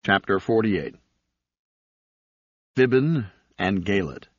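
Deep husky guy reading an audiobook, steady, kinda dull recording. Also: takes it slowly, no echo. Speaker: audiobook narrator. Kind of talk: scripted narration.

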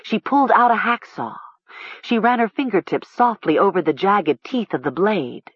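An audiobook narrator reading a horror story with slow, expressive storytelling. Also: medium pitch, breathy edge, dry recording, lo-fi sound.

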